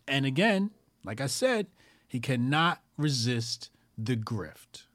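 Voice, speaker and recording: Animated, profane man hosting commentary. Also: mid-range voice, slow pace, no room sound. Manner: animated, profane, repeats phrases for emphasis. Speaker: call-in show host. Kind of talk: casual commentary.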